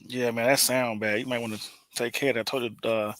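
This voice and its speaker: A man co-hosting a casual chat, teasing and joking in quick asides. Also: medium pitch, little pitch movement, fairly bright tone.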